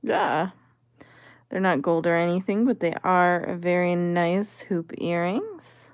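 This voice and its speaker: A woman's voice: fairly low pitch, lively intonation, slow, no room sound. A woman vlogger giving casual commentary as she sorts vintage jewelry, musing and appraising each piece aloud.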